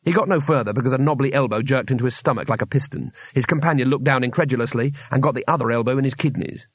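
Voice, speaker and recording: A man reading an audiobook aloud in a measured storytelling manner with wry timing. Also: medium pitch, slightly rough. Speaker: audiobook narrator. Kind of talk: scripted narration.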